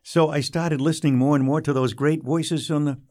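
An older man, a radio broadcaster recalling his early career in an unhurried, anecdotal interview manner. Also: fairly high pitch, fairly even intonation. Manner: warm anecdotal storytelling, drops quietly for quoted lines. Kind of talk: storytelling interview.

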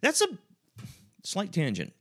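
A man's voice: high-pitched, huge pitch swings, a little slow, pushed and bright, slightly rough. A man hosting an interview as a saxophone teacher, chatting casually, scatting musical lines and drifting into tangents. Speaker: podcast host and saxophone teacher.

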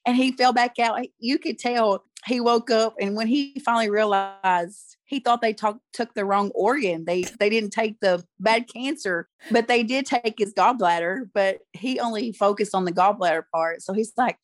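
A woman's voice: on the high side, moderate pace, hardly any pauses, no room sound, studio quality. A woman guest in an interview, telling a personal story candidly and acting out what people said. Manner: candid, animated retelling that acts out quoted speech.

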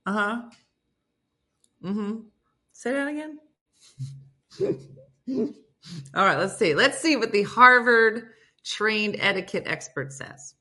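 Sassy woman on morning radio, bright voice, pitch jumps all over, laughs a lot. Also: takes it slowly, long pauses. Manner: sassy, animated, laughs often. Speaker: radio show host. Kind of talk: casual morning radio chat, reading and reacting.

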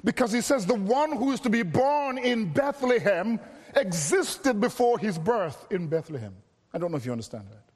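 A man preaching an expository sermon, earnest and measured, stretching key phrases for emphasis. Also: high-pitched, very animated, darkish tone, husky, in a large hall.

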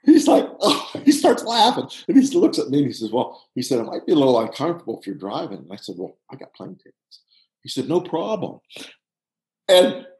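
A man in his sixties from Pittsburgh, telling a long personal story in a casual, halting way with frequent restarts. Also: medium pitch. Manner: animated, halting with restarts, drops to hushed tones. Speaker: guest storyteller, former soccer coach. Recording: roomy echo.

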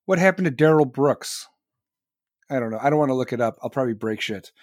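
A man's voice: mid-range voice, expressive, quick pace, a little mellow, no echo, clean studio sound. A young man hosting a livestream, ranting sarcastically and swearing constantly while reading chat. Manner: crude, sarcastic, swears constantly, laughs at own jokes. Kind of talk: profane rant reacting to chat.

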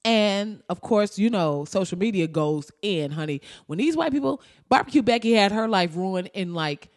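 Profane, animated woman podcast host. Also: mid-range voice, normal speed. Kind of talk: casual commentary.

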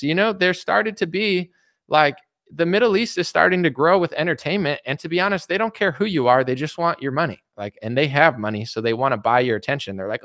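A man's voice: fairly high pitch, fairly bright tone, no echo, clean studio sound. A young man ranting casually about politics, rambling and sarcastic, often breaking into silly mocking voices. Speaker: political commentary host.

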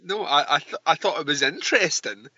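A Scottish man co-hosts a podcast, laughing often and trading profane jokes. His bright voice rises and falls a lot. The sound is dry and a bit dull. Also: on the high side, lively intonation, a little fast, husky, dry recording. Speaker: podcast co-host. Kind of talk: casual chat.

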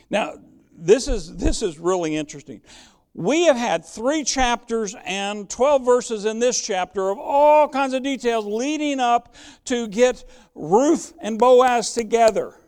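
A man's voice: extremely high pitch, a little mellow, clear, resonant tone. A man preaching a sermon as pastor, emphatic and fond of rhetorical questions.

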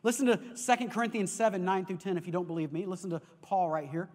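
A man preaching a sermon as pastor, telling stories in an animated way and often repeating words as he goes. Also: high voice, quick pace. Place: church sanctuary. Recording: long reverb of a large hall.

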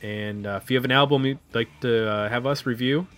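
A man's voice: mid-range voice, fairly even intonation, brisk, a bit bright. A man co-hosting an album review podcast, chatting casually with some hesitant fillers. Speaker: podcast co-host.

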